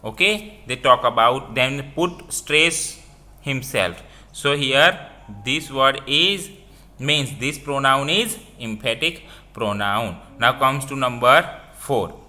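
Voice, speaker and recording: A man teaching a grammar lesson, explaining slowly and repeating each example with phrasing. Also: medium pitch, sharp tone. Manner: slow, repetitive explaining with non-native phrasing.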